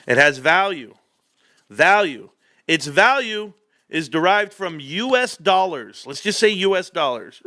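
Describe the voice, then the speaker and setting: A man hosts his own livestream in a casual, animated rant, joking and talking right at his viewers. His voice sits a little high for a man and comes out bright and forceful. The sound is close and dry, with no room around it. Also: dry recording. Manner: animated, loud, joking, talks straight to chat; acts out other voices in a raised pitch. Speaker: livestream host.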